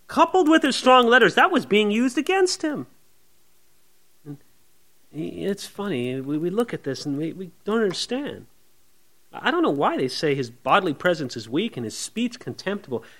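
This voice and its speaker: High-pitched, animated male preacher. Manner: conversational, often asks the listeners questions; acts out quoted voices with big shifts in pitch and loudness. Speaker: pastor. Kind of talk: expository sermon.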